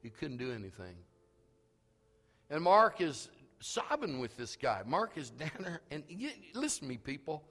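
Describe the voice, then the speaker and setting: A pastor preaching a sermon, telling a story that swells into shouted calls to the congregation. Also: male voice, on the high side, very animated, normal speed, big-room sound. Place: church sanctuary.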